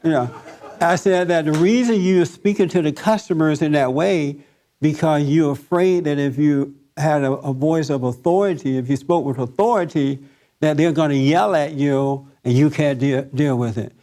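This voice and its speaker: A man giving a Sunday sermon as a relaxed, chatty storyteller. His voice sits a little high for a man, and he turns to his listeners and laughs at his own anecdotes as he goes. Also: moderate pace. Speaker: pastor leading a Sunday service.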